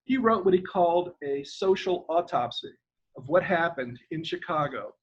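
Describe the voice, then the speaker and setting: With a husky voice that's a bit high for a man, an older Irishman, formerly a government lawyer, rambles hesitantly as an interview guest, sometimes stopping to spell out a name. He's expressive and speaks at normal speed. The sound quality is dull and lo-fi, as on an everyday video call.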